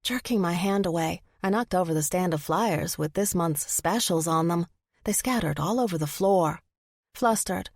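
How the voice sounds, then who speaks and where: A woman narrating a first-person audiobook, expressive in the character's flustered lines. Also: on the low side, dry recording, studio quality.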